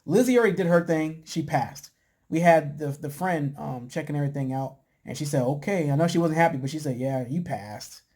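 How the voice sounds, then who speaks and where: Laid-back chatty man, slightly high voice. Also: fairly quick, a little mellow. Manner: acts out quotes in a higher voice. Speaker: podcast host recapping a reality show. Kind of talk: casual chat.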